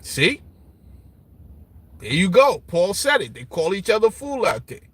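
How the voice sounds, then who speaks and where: A man with a bright, high voice talks casually and mocks as he answers viewer comments. His delivery is animated and he keeps asking "you understand?". The sound is sharp and forward. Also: a little slow, husky, no room sound. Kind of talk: casual opinion talk. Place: Brooklyn.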